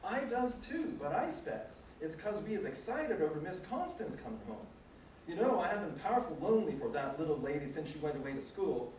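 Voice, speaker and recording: A man's voice: fairly high pitch, expressive, a little mellow, a little hiss or hum, pitched above the performer's own voice, close to an everyday voice. Man doing a folksy old manservant. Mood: fond. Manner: folksy put-on dialect, halting. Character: old loyal male household servant. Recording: echoey room, distant mic.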